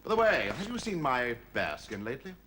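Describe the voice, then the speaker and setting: An actor playing an irritable, stuffy army colonel who speaks curtly and in exasperation. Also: male voice, medium pitch, sing-song, a little fast, pushed and bright. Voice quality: curt, exasperated, barking. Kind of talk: British sitcom acting. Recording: noisy recording with hiss.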